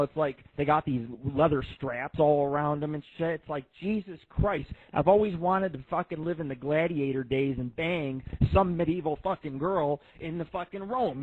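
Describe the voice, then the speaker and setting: Guy in his 30s ranting on his radio show, swears a lot, husky voice, sounds like an old phone line. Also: on the high side, dry recording. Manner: profane, rambling, storytelling. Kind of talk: casual rambling radio monologue.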